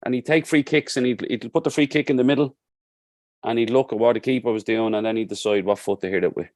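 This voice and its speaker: A man's voice: mid-range voice, steady tone, fast, a little mellow, no room sound, clean studio sound. A man with a Dublin accent, a football coach talking as a podcast guest and telling stories in an earnest, heartfelt way. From Ireland. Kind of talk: casual podcast conversation.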